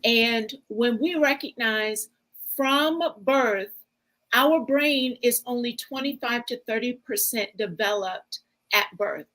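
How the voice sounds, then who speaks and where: A woman guest speaker and relational coach giving a measured, explanatory interview answer. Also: on the high side, a bit bright, low-quality recording.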